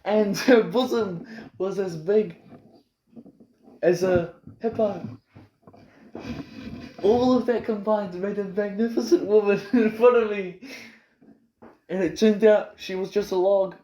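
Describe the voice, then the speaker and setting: A man's voice: high voice, fairly even intonation, slow pace, long pauses, warm tone, highs cut off. A man improvising a rambling, boastful, absurd comic story, recorded in an echoey room. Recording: roomy echo with faint noise.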